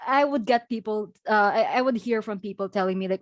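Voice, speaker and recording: A woman's voice: mid-range voice, quick pace, no room sound. A young woman from the Philippines, a guest speaker chatting casually in an interview, full of fillers and light laughs. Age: young adult. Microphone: video call.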